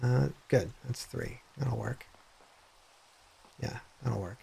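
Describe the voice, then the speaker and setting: A man live-streaming a game, rambling and hesitant, then bursting into excited high-pitched reactions. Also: slow pace, vocal fry, a little hiss or hum. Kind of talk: live gameplay stream chat.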